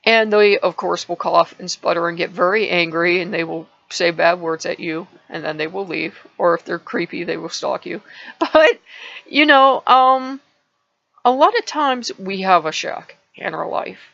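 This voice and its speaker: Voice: medium pitch, normal speed, creaky, hardly any pauses, fairly bright tone, lo-fi sound. A channel host telling a parable in a casual vlog, rambling and restarting words often.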